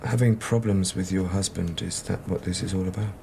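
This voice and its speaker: An actor playing a doctor who asks measured, probing questions of a patient in a television drama. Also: male voice, low voice, steady tone, creaky, noisy background. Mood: calm. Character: calm GP hearing out a patient.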